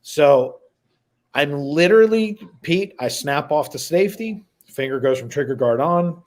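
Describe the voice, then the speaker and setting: A middle-aged man hosting a live stream, telling a story with lively acted-out dialogue. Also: on the high side, measured pace. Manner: animated storyteller, acts out dialogue. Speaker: host.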